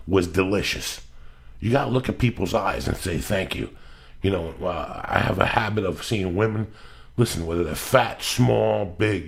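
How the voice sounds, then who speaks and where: A man's voice: sits low, vocal fry. A middle-aged man hosting a podcast, ranting in a casual, profane, emphatic way. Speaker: podcast host.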